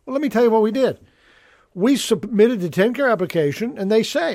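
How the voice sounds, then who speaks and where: A man's voice: high-pitched, expressive, a little fast, a little mellow, no echo. A middle-aged man, an estate planning attorney hosting an educational talk show, explaining rules in an emphatic, folksy way and repeating his key points. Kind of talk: educational radio-style talk.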